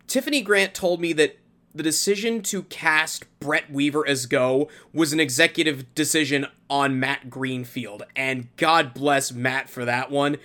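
A man's voice: medium pitch, bright, forceful tone. A man co-hosting a podcast, chatting in an enthusiastic, gushing way. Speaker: podcast co-host. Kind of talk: casual podcast chat.

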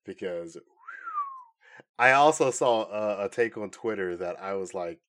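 A male podcast co-host chatting casually with a lively, swinging voice. He jokes around a lot and breaks into laughter often. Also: on the low side, measured pace. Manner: animated, laughs often, jokey. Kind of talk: casual chat.

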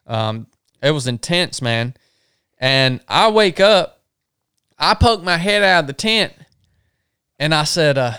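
A man's voice: on the high side, lively intonation, takes it slowly, pauses often, bright, forceful tone, clear, resonant tone, no room sound, studio quality. Folksy man telling a camp tale. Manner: drawling, folksy storyteller. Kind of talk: spoken trip log then storytelling. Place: river camp on a sandbar.

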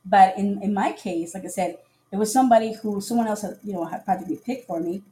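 A woman hosting a casual live podcast, telling a dating story in an animated way, often laughing and acting out what people said. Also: mid-range voice, fast, a little hiss or hum.

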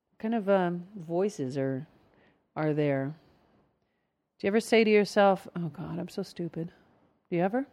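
A woman coaching her listeners through a relaxed self-help lesson at a middling pitch. She talks to them directly and asks question after question. When she acts out the inner voices she shifts her tone. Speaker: self-help coach leading a trance series.

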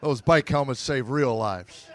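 A middle-aged American man doing stand-up, telling stories about his sons with a deadpan, exasperated delivery to a live audience. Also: medium pitch, a little slow. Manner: deadpan storytelling with exasperated asides. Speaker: stand-up comedian. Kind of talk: stand-up comedy routine. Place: stage before a live audience.

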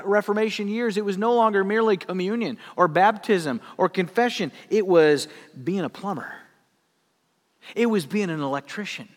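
A male pastor preaching with a fairly high voice and lively storytelling, breaking into laughing asides. His voice carries a long reverb. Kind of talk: sermon.

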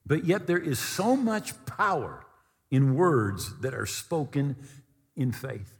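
A man preaching a sermon as pastor, telling the story with animated delivery and acting out the voices of the figures he quotes. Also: medium pitch, slow pace, vocal fry, husky. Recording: long reverb of a large hall.

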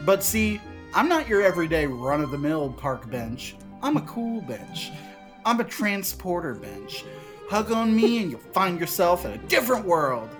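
A man voicing a chatty, self-pitying sentient park bench, rambling with deadpan asides in a comedic script reading. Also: normal speed, over music. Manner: rambling, deadpan asides, shrill when excited.

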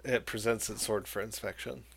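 A man running a tabletop game as game master, narrating in an unhurried, hesitant way. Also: lowish voice, steady tone, gravelly, fairly bright tone.

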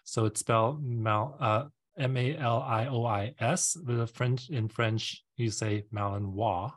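A man's voice: mid-range voice, a little slow. A man hosting a casual podcast interview, explaining at length with many fillers and restarts. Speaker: podcast host.

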